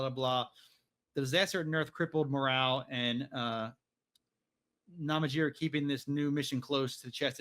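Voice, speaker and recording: A man's voice: mid-range voice, fairly bright tone. A man hosting a podcast, casually recapping a novel in a rambling way, with lots of fillers and some swearing. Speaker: podcast host.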